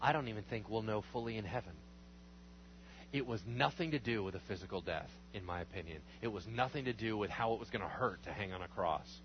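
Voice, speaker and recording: Earnest male pastor preaching a sermon. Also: fairly quick. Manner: earnest, swells loud and high on emphatic phrases, drops to low murmurs. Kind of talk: sermon with communion prayer and scripture reading. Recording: slightly dull recording with faint hum.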